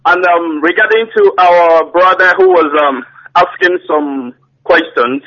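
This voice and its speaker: A man's voice: high voice, measured pace. A man calling in to a radio show, speaking hesitantly with many fillers. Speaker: caller. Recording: muffled phone-in audio.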